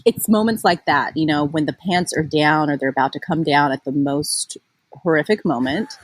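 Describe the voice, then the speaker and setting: A woman's voice: sits low, moderate pace, no room sound, rough recording. A woman in her forties, a mom blogger, chatting casually as an interview guest with lots of fillers and easy laughter. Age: 40s.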